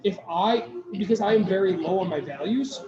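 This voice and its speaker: A man's voice: high voice, brisk. A man co-hosting a podcast, telling a long story in casual chat, rambling with restarts and quoting what others said. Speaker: podcast co-host. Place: brewery taproom. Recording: echoey taproom with crowd chatter, dull sound.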